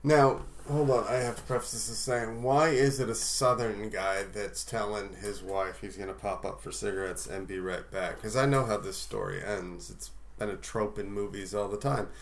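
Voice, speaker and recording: A man co-hosting a podcast, teasing his partner and cutting in with quick questions. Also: fairly low pitch, fairly even intonation, a little hiss or hum. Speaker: podcast co-host. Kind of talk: casual chat.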